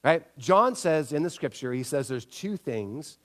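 High-voiced man preaching a lively sermon. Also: measured pace. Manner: animated storytelling, acts out quotes with big pitch jumps. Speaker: pastor.

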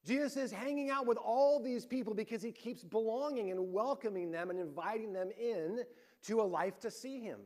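At a moderate pace, a high-voiced male pastor preaches with energetic storytelling. Key moments build in intensity, while other points sink almost to a murmur.

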